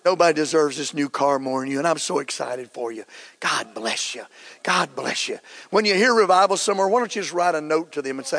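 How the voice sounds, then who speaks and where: A middle-aged man preaching a sermon as pastor, fervent and building to shouts. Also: fairly high pitch, lively intonation, brisk. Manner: fervent, rising to shouts, acts out quotes.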